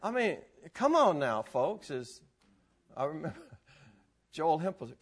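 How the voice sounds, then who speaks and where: A man teaching a live group about scripture in an animated, excitable way, laughing often and exclaiming. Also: on the high side, unhurried, pauses often, slightly rough. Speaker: Bible teacher.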